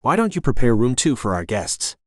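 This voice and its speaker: A man doing a brisk woman in her sixties with a faint Jamaican accent. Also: medium pitch, big pitch swings, dry recording, studio quality, close to an everyday voice. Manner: brisk, rapid-fire and chatty. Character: energetic woman in her sixties, bed-and-breakfast owner.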